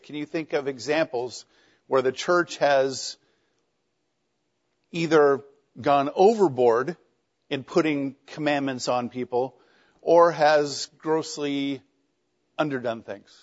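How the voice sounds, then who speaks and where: A man's voice: medium pitch, slow. A middle-aged man teaching a class, lecturing conversationally with wry jokes and questions to students. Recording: dull lo-fi classroom recording.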